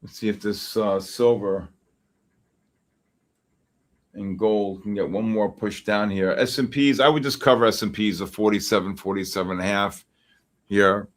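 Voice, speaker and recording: A man's voice: fairly low pitch, fairly even intonation, moderate pace, pauses often. A man hosting a live futures trading stream, chatting casually and coaching viewers by name as the markets move. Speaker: futures trading livestream host.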